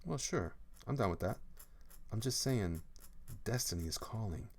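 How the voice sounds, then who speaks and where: A man's voice: lowish voice, expressive, moderate pace, breathy edge. A man, a comic artist, chatting casually on a live stream while drawing, reading viewer comments aloud and breaking into hummed song snippets. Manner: playful, reads chat aloud, hums and sings snippets.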